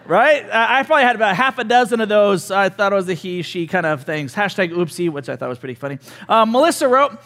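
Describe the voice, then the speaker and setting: Male pastor, high voice, jokey sermon storyteller, reverberant church hall. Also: fast, few pauses. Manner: joking, animated storytelling with laughs.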